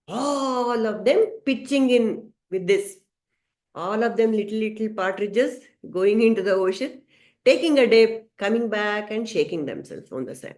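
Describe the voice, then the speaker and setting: A woman teaching a scripture study class, telling a story gently with some hesitant fillers. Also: medium pitch, moderate pace. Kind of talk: storytelling lesson. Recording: roomy echo.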